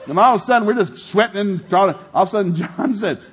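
A middle-aged man preaching a sermon, telling a family story with animated, shouted retellings. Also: high-pitched, rapid-fire, slightly rough. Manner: animated, shouting in acted-out scenes, laughing. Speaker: pastor.

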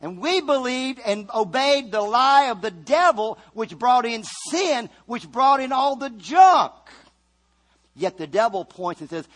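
A man preaching a sermon, fervent, swinging from loud calls to quiet asides. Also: high voice, expressive, measured pace.

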